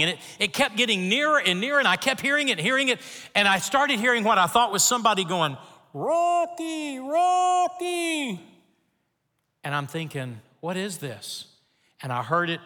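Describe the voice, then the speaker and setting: Older male pastor, earnest storyteller, bright voice, long hall reverb. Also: fairly high pitch. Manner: earnest, animated storytelling with scripture reading. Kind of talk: sermon with personal storytelling.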